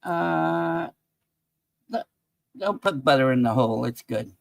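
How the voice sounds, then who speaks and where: A man, a guest on a live-stream talk show, talking in an excitable way and calling out viewers in the chat. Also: on the high side, slow pace, creaky, no echo. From New York. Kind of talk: casual live-stream banter.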